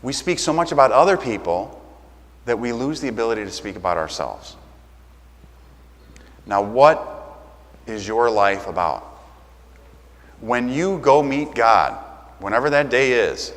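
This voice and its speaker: A man's voice: mid-range voice, lively intonation, normal speed. A man preaching a sermon as pastor, talking conversationally and acting out quoted exchanges. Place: church. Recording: long church reverb.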